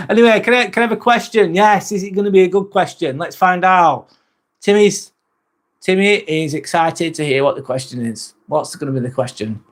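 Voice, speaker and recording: English bloke hosting a loose live chat, jokey and crude, voice sits a little high. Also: male voice, moderate pace. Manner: sweary, joking and self-mocking. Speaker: live stream host. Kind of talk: casual live-stream chat.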